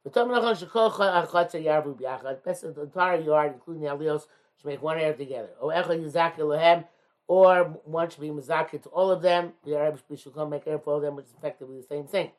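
A man's voice: a little high, quick pace. Hesitant man translating a religious text. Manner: reads Hebrew-Aramaic phrases then explains in English, many hesitations. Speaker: Talmud teacher. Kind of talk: text study lesson, reading and translating.

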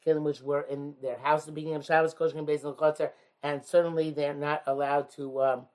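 A man's voice: a little high, flat delivery, brisk, darkish tone. Hesitant man translating a religious text. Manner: reads Hebrew-Aramaic phrases then explains in English, many hesitations. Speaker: Talmud teacher. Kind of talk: text study lesson, reading and translating.

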